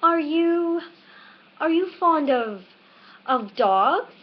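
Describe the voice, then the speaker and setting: A woman's voice: sits high, expressive, drawn-out words, voice pushed up, full character voice. Alice, a chatty little girl, played by a woman. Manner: earnest, rambling chatter. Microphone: webcam. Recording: dull lo-fi webcam recording.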